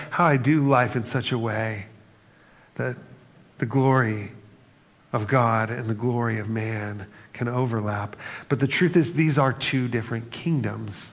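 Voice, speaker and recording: A pastor with a mid-range voice preaches conversationally, a little slowly and in a steady tone, acting out quoted lines and breaking into bursts of humor. The sound is dull and echoes through a reverberant hall.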